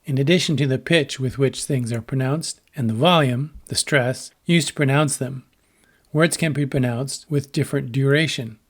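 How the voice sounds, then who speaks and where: Male lecturer, mid-pitched, scripted lesson narration, calm and measured, acts out short examples with changing intonation. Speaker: lecturer on translation.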